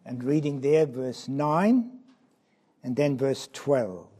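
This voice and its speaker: A man preaching a sermon, impassioned and full of questions for his listeners, swinging from loud cries down to low, quiet asides. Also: slow pace, breathy edge.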